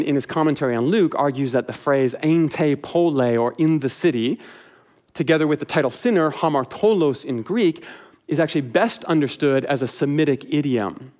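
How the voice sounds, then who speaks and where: A man's voice: on the high side, a little mellow. A male pastor preaching a sermon in a conversational way, with wry asides.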